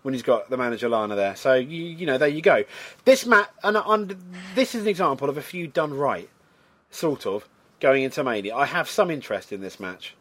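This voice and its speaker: A man's voice: medium pitch, expressive, a little fast, fairly bright tone. A man co-hosting a casual wrestling chat, hesitant, stumbling over his words as he weighs his opinions. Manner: hesitant, many fillers and restarts. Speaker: podcast co-host.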